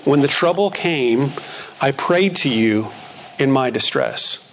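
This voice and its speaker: A man's voice: mid-range voice, lively intonation, takes it slowly, fairly bright tone, a little hiss or hum. A man preaching a sermon who reads scripture verses aloud and repeats phrases for emphasis.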